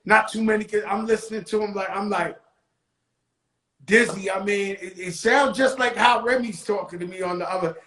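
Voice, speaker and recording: A man hosting a talk show, telling stories in a loose, profane street-talk style that slows into motivational preaching. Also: high-pitched, fairly even intonation, sharp tone. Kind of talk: casual storytelling monologue. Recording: echoey room.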